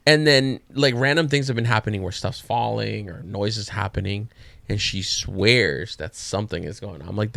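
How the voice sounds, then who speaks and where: Man, podcast co-host, low-pitched, gravelly, casual storytelling. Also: normal speed, a bit bright, slight background noise. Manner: laid-back, swearing storyteller.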